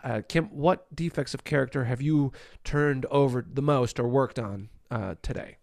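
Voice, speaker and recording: A man's voice: mid-range voice, moderate pace, gravelly, a little mellow, dry recording, studio quality. A man hosting a candid conversation about recovery, blunt, profane and self-deprecating.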